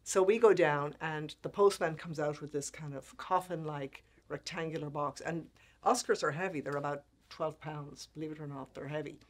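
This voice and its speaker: Woman, sixties, guest speaker, animated storyteller, acts out quotes, laughs often. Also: low-pitched, moderate pace. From Ireland. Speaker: guest speaker, make-up artist. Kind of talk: storytelling interview talk.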